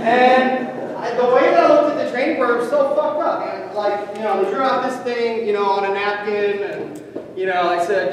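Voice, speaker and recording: A man giving a casual storytelling talk to an audience, animated, swearing often and laughing as he goes. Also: very high-pitched, a little fast, slight background noise. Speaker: speaker at a training event. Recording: echoey hall, distant mic, audience.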